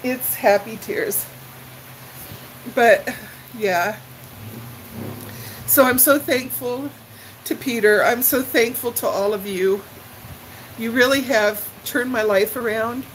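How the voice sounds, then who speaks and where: An older woman talks slowly to viewers on a live vlog, her voice a little high and often near tears. She gushes with heartfelt thanks over a faint hum of room noise. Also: fairly bright tone, poor audio. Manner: emotional, tearful and gushing. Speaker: livestream vlogger. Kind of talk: casual live chat with viewers.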